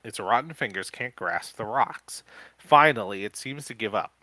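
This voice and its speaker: A man co-hosting a podcast, reading a gamebook aloud live in a casual way, with quick joking asides. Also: on the low side, animated, pushed and bright, no echo.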